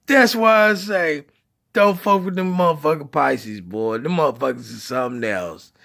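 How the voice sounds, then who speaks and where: A man's voice: moderate pace, gravelly. A man telling a funny trucking story in casual, slangy, profane talk, acting out the quoted people and laughing along. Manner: acts out quoted voices with lively pitch. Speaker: truck driver telling stories.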